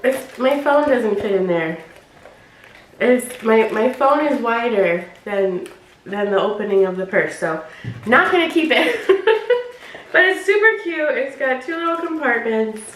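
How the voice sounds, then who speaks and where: A woman's voice: on the high side, expressive, measured pace, reverberant, slight background noise, poor audio. Bubbly woman with a stuffy nose. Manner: bubbly, giggly, rambling. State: stuffy, nasal from allergies. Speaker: vlogger reviewing a clothing box. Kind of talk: casual chatty unboxing.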